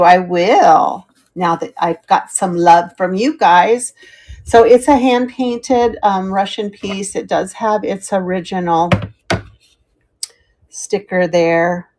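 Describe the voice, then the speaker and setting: A woman's voice: medium pitch, darkish tone. A middle-aged woman chatting as she sells vintage items on a live stream, thanking viewers by name. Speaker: live auction seller. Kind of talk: live-stream selling chat.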